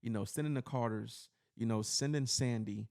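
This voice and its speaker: A man's voice: medium pitch, normal speed, vocal fry, a little mellow. A man from New York City, a podcast host, telling a personal story in casual chat, earnest and rambling with lots of "you know.".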